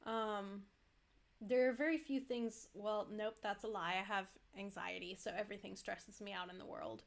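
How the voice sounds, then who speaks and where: A woman's voice: medium pitch, fairly even intonation, normal speed, vocal fry. A young adult woman streaming a game, chatting casually and rambling, thanking viewers effusively. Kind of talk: casual live-stream chat.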